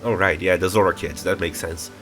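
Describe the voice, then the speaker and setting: A man's voice: low voice, steady tone, fairly quick, a bit bright. Stuffy-nosed young man playing a game. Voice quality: stuffy nose. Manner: playful, reads text aloud with jokey asides. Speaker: gamer reading in-game text. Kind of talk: casual let's play commentary. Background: faint game music.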